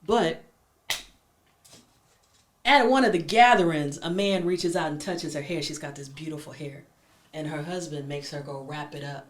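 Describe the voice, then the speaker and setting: A woman hosting a talk show, telling a story with lively energy and acting out its characters, in a room with her guests. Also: low voice, normal speed, pauses often, a little hiss or hum. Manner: animated storyteller, acts out characters. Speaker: host. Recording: echoey room, mic at a distance.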